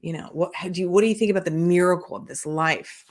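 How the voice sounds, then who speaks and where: Talking fast in a fairly low-pitched voice, this podcast host and business coach, a middle-aged woman, shares a personal story in a candid, meandering way with plenty of fillers and false starts.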